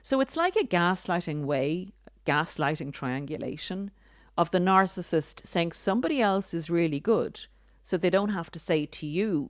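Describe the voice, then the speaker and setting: A woman with a notably low, deep speaking voice hosts a podcast, explaining her points in a deliberate, earnest way with flashes of sarcasm. The sound is dry and close, with no room echo. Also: lively intonation. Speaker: podcast host. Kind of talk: earnest spoken commentary.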